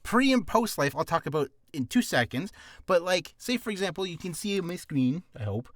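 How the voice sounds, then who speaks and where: A man's voice: sits high, big pitch swings, a little fast, a bit bright, no room sound. A man teaching voice acting in a casual tutorial, rambling with asides and poking fun at himself. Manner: rambling and self-deprecating, full of asides.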